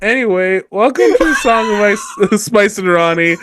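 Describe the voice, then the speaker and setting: A man co-hosting a casual podcast, with a high voice and a lively, swooping delivery. His manner is dry and teasing. He ribs his co-host between laughs. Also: a little slow, a little hiss or hum.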